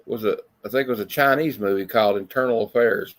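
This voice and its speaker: A man's voice: on the low side, fast. A man hosting a casual movie review chat from home over a video call, rambling with lots of fillers. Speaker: host. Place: home room with lights.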